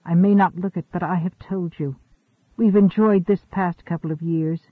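A man reads an ageless, secretive woman scientist who speaks in a calm, measured, quietly firm way. The voice sits high, with a tinny, phone-like narrow band. There is no room sound at all. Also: no echo. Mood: reflective. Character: centuries-old secretive woman scientist, composed and cool.

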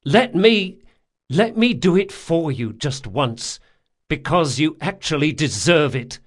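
A man puts on a wily young thief with a sardonic bite, pitched a touch higher than the narration. His retorts come quick and dry, with plenty of swing in the pitch. It is a stubborn rogue from an audiobook. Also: animated. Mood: tender wry. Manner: wry, quick-witted retorts. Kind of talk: audiobook character voice.

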